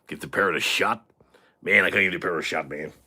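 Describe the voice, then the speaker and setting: A live-stream host puts on the character of a crude, boastful drunk, rowdy and swaggering, chatting in character and sounding tipsy from the shots he keeps downing. The voice is exaggerated and very low with a husky grain, but a bright, forceful edge cuts through, and he talks fast.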